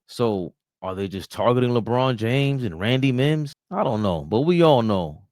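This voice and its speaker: A man hosting a basketball reaction show, reading a news report aloud, then riffing on it in an animated, mocking way. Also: mid-range voice, moderate pace, few pauses, no echo. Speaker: sports commentary host.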